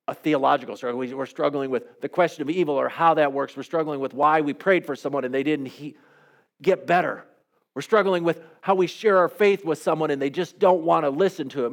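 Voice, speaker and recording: A male pastor preaching a sermon in a conversational, earnest way, often acting out the voices of people he quotes. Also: on the high side.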